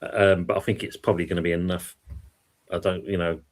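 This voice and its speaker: Low-voiced guy hosting a football stream, reads out chat comments, easygoing. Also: little pitch movement, brisk. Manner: chatty, reads out viewer comments. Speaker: podcast host reading live chat.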